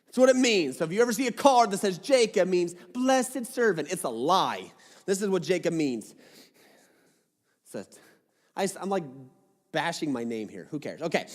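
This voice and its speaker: A man's voice: high-pitched, animated, moderate pace. A man preaching a sermon, reading scripture aloud and breaking off into jokey, casual asides. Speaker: pastor. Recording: long hall reverb.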